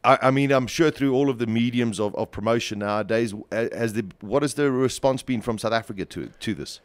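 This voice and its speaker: A man's voice: mid-range voice, a little fast, dry recording. A man hosting a radio interview, asking long, rambling questions with plenty of enthusiasm. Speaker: radio host.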